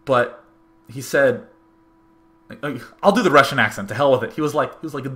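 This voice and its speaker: A young man tells a personal story in a bright, forward voice. His delivery is animated and rambling, and he keeps restarting sentences as he works through his thoughts. It sounds like a casual monologue from a host. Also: mid-range voice, a little fast, pauses often.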